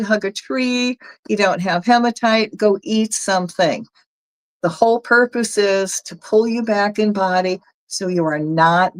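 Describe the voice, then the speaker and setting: Southern woman as energy healer, guided session, folksy and chatty, mid-pitched. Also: low-quality recording. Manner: chatty, folksy, talks viewers through steps.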